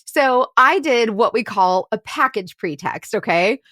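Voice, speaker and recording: A woman's voice: on the high side, lively intonation, measured pace, few pauses, fairly bright tone, no echo, clean studio sound. A woman podcast host and private investigator telling a case story in a chatty way, full of "like" and "right?". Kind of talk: casual storytelling chat.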